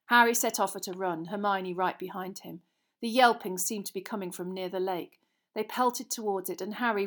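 Woman reading a tense fantasy story. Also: medium pitch. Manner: tense, expressive reading that builds suspense. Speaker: audiobook reader. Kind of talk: dramatic storybook narration.

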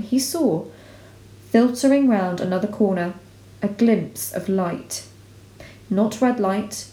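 Female narrator for a children's fantasy read-aloud; steady, expressive, mid-range voice in a roomy space. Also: medium pitch. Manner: measured, expressive reading aloud. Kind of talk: storybook reading. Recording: roomy echo.

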